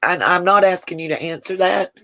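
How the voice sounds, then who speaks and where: A woman's voice: fairly low pitch, a little fast, a bit bright, no echo. A woman hosting a casual livestream, talking to viewers by name and getting emotional. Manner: talks to chat viewers by name, Southern "y'all". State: emotional, close to tears. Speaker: livestream host.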